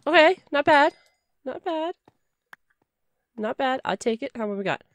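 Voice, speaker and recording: A woman's voice: sits high, expressive, normal speed, no echo. A woman giving chatty let's play commentary, talking to in-game items and shrieking when startled. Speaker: gamer.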